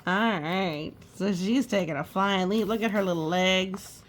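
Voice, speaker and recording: A woman's voice: medium pitch, measured pace, slight background noise. A woman reading a picture book aloud at storytime, exclaiming and pointing out the pictures. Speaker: storytime reader.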